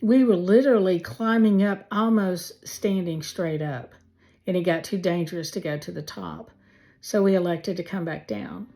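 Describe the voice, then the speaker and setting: A woman telling a heartfelt personal faith testimony, slowly and with many pauses. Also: lowish voice, dark tone. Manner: slow, heartfelt storytelling with pauses. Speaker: testimony speaker.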